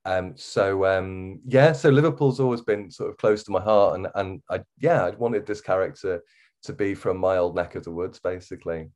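A man's voice: sits low, moderate pace, darkish tone. Hesitant Wirral man chatting. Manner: hesitant, full of ums and restarts. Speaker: podcast guest. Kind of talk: casual interview chat.

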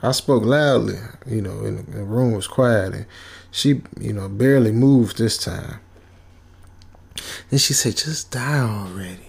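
Gravelly, laid-back male storyteller. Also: fairly low pitch, unhurried, a little mellow. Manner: loose, rambling, laid-back, with many fillers. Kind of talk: comedic horror story retelling.

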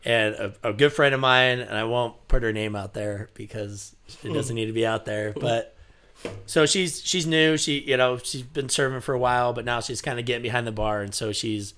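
In relaxed podcast chat, a man tells a story in a bright, forward voice of medium pitch at normal speed. He leans heavily on fillers like "you know" and "like," breaking into laughter as he builds toward the punchline.

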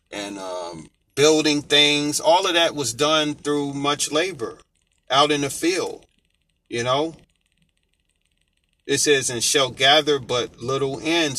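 A man's voice: mid-range voice, pushed and bright. An American man giving an informal Bible teaching, reading verses aloud and explaining them in a loose, conversational way. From United States. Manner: conversational, reads scripture aloud then explains it with many fillers.

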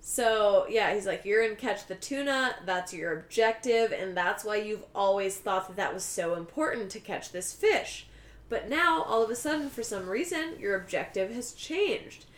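A woman's voice: medium pitch, normal speed. A woman podcast host who laughs often and swears casually as she retells a film's plot, recorded in an echoey room. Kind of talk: casual podcast chat recapping a film.

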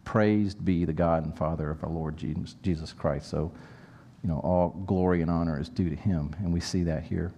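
A man's voice: deep voice, dark tone. A man preaching a sermon, teaching verse by verse and repeating key phrases. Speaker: pastor.

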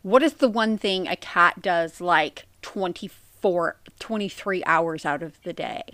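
A woman's voice: on the low side, a little slow, a bit bright, no room sound. A woman co-hosting a casual podcast, cracking crude sarcastic jokes and swearing freely. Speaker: podcast co-host.

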